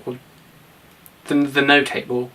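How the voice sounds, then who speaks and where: A man's voice: mid-range voice, flat delivery, slow pace, crowd noise. A young man co-hosting a casual film review, mostly agreeing with short replies and a bit sweary. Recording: voice from a distance.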